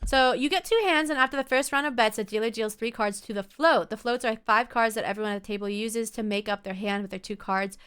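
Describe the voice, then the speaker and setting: A woman streams a game over background game music, chatting casually with viewers, greeting chat, and rambling between story moments. Her voice is on the high side, a bit bright and smooth, fast, with few pauses.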